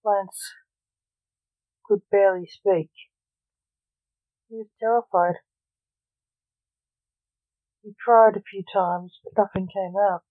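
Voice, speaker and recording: A narrator reading an audiobook story in a slow, even delivery. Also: medium pitch, dry recording. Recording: narrow phone-like sound.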